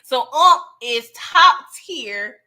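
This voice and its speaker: A woman casually recapping a TV episode in slangy, animated talk, laughing often. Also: high-pitched, extremely slow. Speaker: TV recap host.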